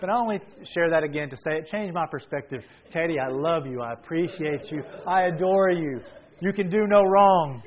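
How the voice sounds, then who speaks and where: Animated male preacher, dull lo-fi recording. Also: on the high side, fairly quick, a faint crowd. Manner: animated storyteller, bursts into shouts. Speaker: pastor. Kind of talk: sermon with personal storytelling. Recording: dull lo-fi sound.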